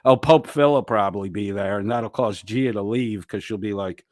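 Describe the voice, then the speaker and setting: A man's voice: fairly low pitch, moderate pace, darkish tone, no echo, clean studio sound. A man hosting a livestream, taunting and mocking his rivals in crude, profane commentary. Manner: taunting, crude, laughing between jabs. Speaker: livestream host.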